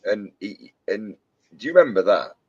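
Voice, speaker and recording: A man's voice: lowish voice, very animated, normal speed, breathy edge, no echo, lo-fi sound. A British man in casual chat with friends, a jokey storyteller who keeps quoting comedy films. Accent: British English. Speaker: co-host chatting while model making.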